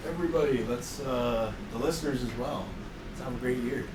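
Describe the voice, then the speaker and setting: A man's voice: medium pitch, fast talker, a crowd in the background, low-quality recording. A man co-hosting a podcast in casual chat, laid-back, wrapping up the show. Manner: laid-back, retells film scenes. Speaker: podcast co-host.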